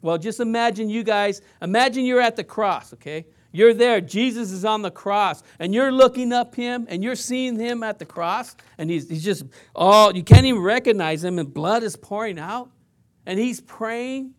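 A man preaching a sermon, impassioned and shifting between loud and hushed delivery. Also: sits high, moderate pace. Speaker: pastor.

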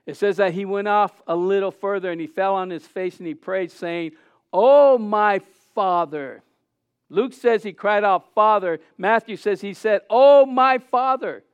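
A middle-aged man preaching a sermon as pastor, earnest with halting restarts, rising to loud cries. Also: sits high, steady tone, clear, resonant tone, no echo, dull audio.

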